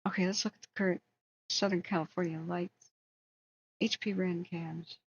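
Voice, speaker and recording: An American woman hosts a long livestream tracking wildfires, chatting casually in a rambling, opinionated way and reading viewer comments aloud. Her voice is fairly low, steady and slightly rough at a normal speed. The stream audio is dull and lo-fi.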